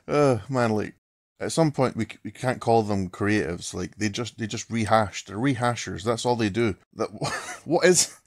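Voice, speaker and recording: A man's voice: lowish voice, unhurried, dry recording. Mocking, laughing man ranting, dry sound. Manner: mocking, swears a lot, laughs through his words. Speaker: vlogger. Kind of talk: casual rant to camera.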